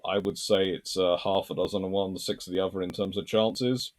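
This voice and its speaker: A man's voice: low voice, level tone, fairly quick. A man hosting a history channel, reading viewer comments aloud and answering them in a rambling, thinking-aloud way.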